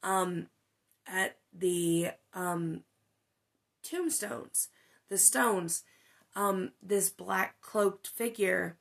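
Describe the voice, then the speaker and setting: A woman's voice: mid-range voice, drawn-out words, gravelly, pauses often. A woman hosting a podcast, telling a ghost story in casual chat, with lots of fillers and some swearing. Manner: animated, many fillers, swears when excited. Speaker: podcast host.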